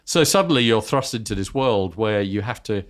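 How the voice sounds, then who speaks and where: Chatty low-voiced businessman. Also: animated, normal speed. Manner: chatty, self-described talker, anecdotal. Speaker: company chief executive, podcast guest. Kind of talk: casual storytelling interview.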